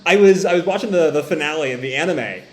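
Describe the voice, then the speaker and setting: An animated man reads a manga chapter aloud and riffs on it. He often laughs and wanders into tangents. His voice sits fairly high, with lively swings, in an echoey room. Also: fast talker. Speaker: manga reaction host. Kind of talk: casual reading and commentary.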